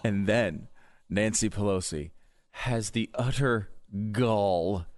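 A man's voice: fairly low pitch, takes it slowly, darkish tone, no echo, clean studio sound. A male co-host on a talk show, ranting with emphatic indignation. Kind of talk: comedic talk show banter.

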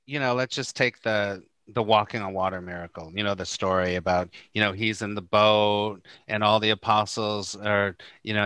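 A middle-aged Course in Miracles teacher appears as a podcast guest, chatting casually as an animated storyteller who acts out the quotes in his stories. His medium-pitched voice is clear and resonant, with no echo.

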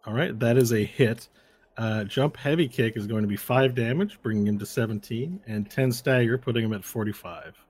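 Here the game master's voice sits at medium pitch, husky with a darkish tone, and he speaks at a normal pace. He talks through a tabletop game's moves and dice rolls in careful steps, dropping in fillers and fixing his own mistakes as he goes.

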